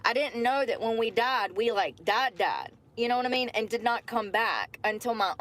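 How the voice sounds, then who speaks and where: Casting: woman, slightly high voice, chatty livestream storytelling, talks straight to viewers. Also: brisk, fairly bright tone, a little hiss or hum. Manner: chatty, addresses viewers as y'all.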